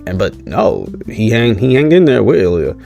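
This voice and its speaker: Low-voiced man rambling through a recap. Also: sing-song, normal speed, gravelly, dark tone, faint music behind. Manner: rambling, hesitant, many ums and self-corrections; asks viewers to comment. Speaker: wrestling recap host. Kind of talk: casual unscripted recap.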